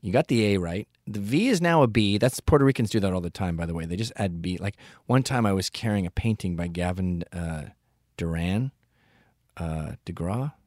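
Male host, low-pitched, profane ranting storyteller, dry close mic. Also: moderate pace, no room sound. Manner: ranting, profane, deadpan asides. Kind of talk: comedic storytelling monologue.

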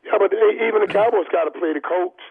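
A man's voice: high-pitched, fast talker, crowd noise. Emphatic man on a tinny phone line. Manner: emphatic, repeats words, many restarts. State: has hiccups. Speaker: guest football analyst. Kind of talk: sports talk on the phone.

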